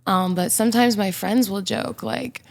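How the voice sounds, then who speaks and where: A woman's voice: mid-range voice, normal speed, gravelly. A young woman from Mississippi, a podcast guest, talking openly and reflectively in casual chat with filler words. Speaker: podcast guest, singer-songwriter.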